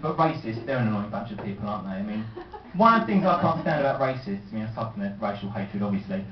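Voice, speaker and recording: A man doing a stand-up set, telling stories deadpan and putting on voices. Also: on the low side, quick pace, far from the mic, slight background noise. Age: 20s. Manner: deadpan storytelling with voiced impressions. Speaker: stand-up comedian. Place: comedy club stage. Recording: roomy lo-fi live recording from afar.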